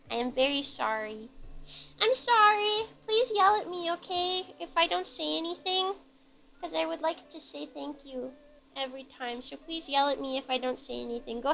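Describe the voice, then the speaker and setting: Bubbly high-voiced woman streaming her baking. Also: lively intonation, normal speed, vocal fry, pushed and bright. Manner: playful and bubbly, chats with viewers while cooking. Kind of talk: casual live-stream chat while baking.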